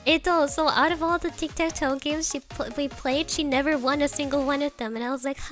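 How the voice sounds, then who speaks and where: A woman's voice: high-pitched, normal speed, soft background music. A young woman telling stories casually on a livestream, full of fillers and the odd Japanese word. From Germany. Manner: animated, many fillers, sprinkles Japanese words. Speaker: streamer.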